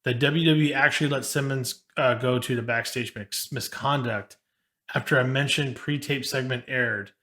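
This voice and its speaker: A man's voice: mid-range voice, steady tone, moderate pace, sharp tone. Podcast dude going through his notes, laid back. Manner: casual, reads history from notes. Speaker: podcast co-host. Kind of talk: reading from notes.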